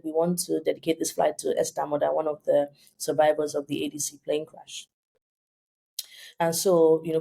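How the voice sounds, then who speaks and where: On a podcast, a thirty-something woman with a Nigerian accent recounts her story in a lively way, imitating the people she quotes. She speaks in a warm, gravelly voice that sits low.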